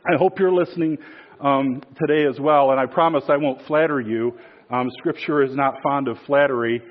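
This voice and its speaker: Brief: male preacher, mid pitch, relaxed storytelling, filler-heavy delivery, dull recording. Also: normal speed. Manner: casual, many fillers and restarts. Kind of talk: sermon with storytelling.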